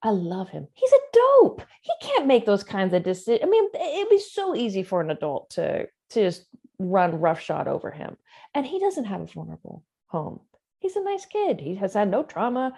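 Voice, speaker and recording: Forties woman, interview guest, earnest and blunt, a bit wry, mid pitch. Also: huge pitch swings, moderate pace, mellow, breathy edge. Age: 40s. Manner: earnest and outspoken, with wry asides. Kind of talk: candid personal interview.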